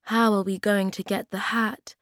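A woman voicing a calm young wanderer in a storybook, speaking softly and steadily. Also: mid-range voice, normal speed, no echo, studio quality, pitched above the performer's own voice, close to an everyday voice. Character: calm, wandering young man, quietly wise.

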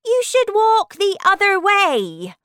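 A woman voicing a rude, snooty female rose in a storybook reading, with loud, drawn-out, sneering lines. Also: very high-pitched, huge pitch swings, dry recording, clean studio sound, voice pushed up, full character voice.

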